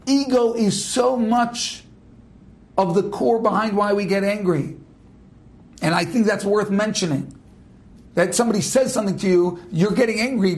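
A man, a rabbi, giving a Torah class, telling a personal story in an animated way and then speaking directly to his listeners. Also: sits high, creaky. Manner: animated storyteller who acts out quoted speech; direct, exhorting address to listeners. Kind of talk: lecture with personal anecdote.

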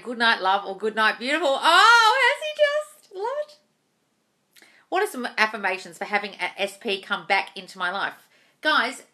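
A bright-toned woman answers viewer comments on a live stream from her home. She is chatty and blunt, calls everyone darling and swears casually. Her voice is crisp and forward, heard through a phone or webcam mic. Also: a little high. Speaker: manifestation coach. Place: home room.

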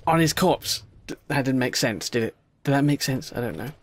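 Over slight background noise, a man with a mid-range voice keeps a brisk pace through jokey, chatty let's-play commentary, talking to in-game creatures and swinging from quiet concern to loud excitement.

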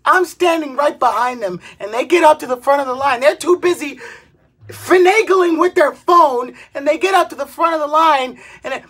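A woman in her twenties, a vlogger, delivering an exasperated comedic rant, swearing and bursting into shouts. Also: sits high, normal speed. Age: 20s.

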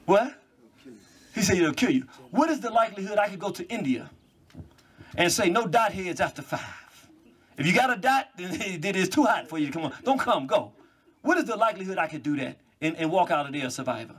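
A man with a slightly high, husky voice speaks to a live audience. He lectures in an animated way, telling stories and dropping mocking asides. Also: fairly quick. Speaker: public speaker. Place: cultural venue before a live audience.

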